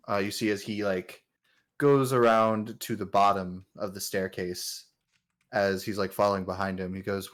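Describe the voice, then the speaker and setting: A man narrating as game master of a tabletop game, in a relaxed, filler-heavy way. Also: fairly low pitch, normal speed.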